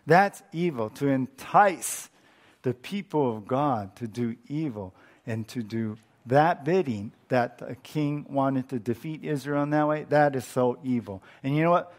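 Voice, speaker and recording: Male pastor, Bible teaching, lively and chatty, middle pitch. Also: unhurried. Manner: conversational, animated, many fillers and restarts. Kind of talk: expository Bible teaching sermon.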